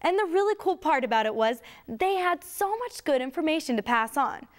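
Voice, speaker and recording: A woman's voice: sits high, expressive, brisk. A woman cheerleader hosting a school health program, friendly and recapping for students. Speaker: cheerleader host.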